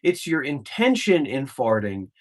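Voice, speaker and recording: A man with a mid-range voice gives an informal spiritual talk as a meditation teacher, very animated and a little slow. He's blunt and profane, hammering his points home through emphatic repetition.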